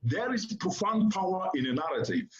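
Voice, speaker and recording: At a conference venue before a seated audience, a man gives a formal keynote in an emphatic, oratorical style, repeating points to stress them. His voice sits high and is very animated at normal speed. The sound is roomy and slightly dull.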